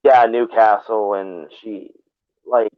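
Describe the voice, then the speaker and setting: A man hosts a live stream, rambling through casual chat full of swearing and restarts. His voice sits low. It comes over a thin, phone-like line with no room sound at all. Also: steady tone, slow, no room sound. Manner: rambling and profane, with many restarts.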